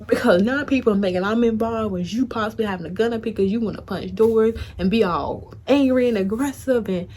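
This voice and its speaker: A young woman vlogger telling a casual storytime to her viewers, chatty and animated, speaking straight to them. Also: on the high side, a little fast, few pauses.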